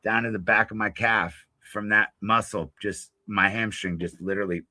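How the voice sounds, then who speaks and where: A man's voice: lowish voice, fairly even intonation, moderate pace, sharp tone, dry recording. A man guest telling a rowdy road-trip story in casual chat, swearing and laughing freely. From Florida. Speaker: blues musician guest.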